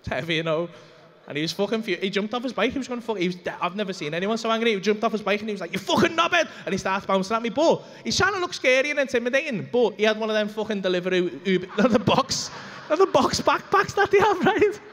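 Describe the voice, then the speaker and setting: A young man with a Liverpool accent telling a rambling, swearing, animated story as a stand-up comedian on a club stage. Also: high-pitched, fast, slight background noise. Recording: reverberant comedy club hall.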